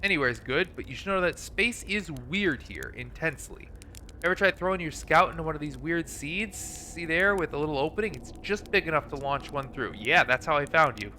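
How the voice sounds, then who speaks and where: A man's voice: a little high, animated, a little fast, pushed and bright, slight background noise. A man reading aloud the lines of a folksy, laid-back stranded alien pilot in a video game, with dry humor. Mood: musing.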